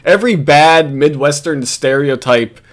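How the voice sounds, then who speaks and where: A man talks through a video in loose, sarcastic commentary, swearing freely and tripping over his own restarts. His voice sits a bit on the high side for a man. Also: a little slow. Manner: rambling, laughing, sarcastic, lots of restarts. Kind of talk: casual profane commentary.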